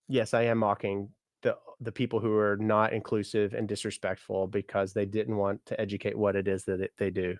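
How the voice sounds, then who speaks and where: On his live stream, the thirtysomething musician talks fairly quickly in a low voice with little pitch movement, joking, laughing, swearing, and calling out viewers by name. The recording is dry and studio quality.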